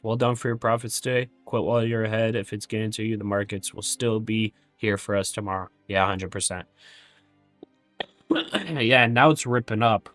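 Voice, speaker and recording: A man's voice: fairly low pitch, moderate pace, a bit bright, dry recording, faint music behind. Self-critical man trading live. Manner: thinks aloud through figures, candid and self-critical. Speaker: day trader streaming live.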